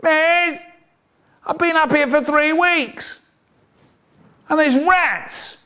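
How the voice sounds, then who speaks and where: A man's voice: extremely slow, sharp tone, exaggerated voice. A man voicing a whiny young boy who complains of being stuck in school detention. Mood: pleading. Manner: squeaky, pleading.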